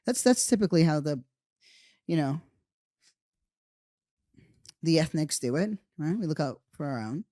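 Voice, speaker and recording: Podcast host, casual rambling monologue, mid pitch, dry close sound, swears a lot. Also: animated, measured pace, long pauses, mellow, no echo. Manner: rambling, profane, peppered with "right?" and "you know".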